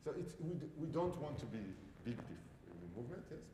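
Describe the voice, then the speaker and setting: A man's voice: on the high side, sing-song, fast talker. A man giving a piano masterclass, coaching a student with encouragement and lots of "bravo". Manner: encouraging, repeats "bravo", non-native phrasing. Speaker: piano teacher. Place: concert hall with piano. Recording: echoey hall with loud piano.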